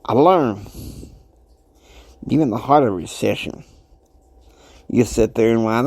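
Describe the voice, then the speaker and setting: A man in his fifties hosting a motivational podcast, talking emphatically and preachily. He swings between soft asides and loud outbursts. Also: mid-range voice, a little slow, long pauses, husky, dry recording. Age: 50s. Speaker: podcast host.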